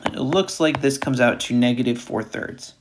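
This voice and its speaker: A man's voice: medium pitch, moderate pace, noisy background. Male math instructor, mid-range voice, recorded lecture, methodical and repetitive. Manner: talks through steps aloud, repeats key points.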